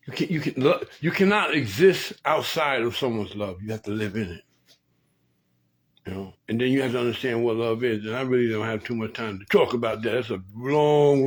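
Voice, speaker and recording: Over poor audio, a man with a mid-range voice hosts a late-night talk show, handing out relationship advice in a preachy tone. He frequently repeats and restarts his phrases.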